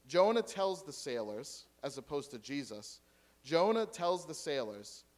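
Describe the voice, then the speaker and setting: Man preaching a lively sermon. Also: fairly high pitch, unhurried. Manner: lively preaching, dropping to quiet asides and rhetorical questions. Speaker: pastor.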